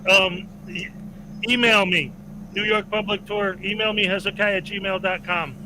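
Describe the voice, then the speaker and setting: Chatty high-voiced male streamer. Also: fairly even intonation, normal speed, background noise. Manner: chatty, rambling, laughs often. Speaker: host. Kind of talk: casual livestream chat.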